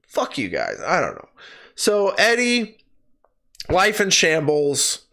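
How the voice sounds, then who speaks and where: Animated, bright-voiced ranting man. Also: high-pitched, takes it slowly. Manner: ranting and exasperated, swears freely. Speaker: movie reviewer and streamer. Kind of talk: casual spoken film review. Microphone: personal streaming microphone.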